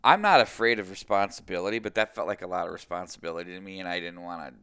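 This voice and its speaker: Podcast host, low smooth voice, halting and candid. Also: male voice, sharp tone. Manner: halting, candid, many restarts. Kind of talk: podcast conversation.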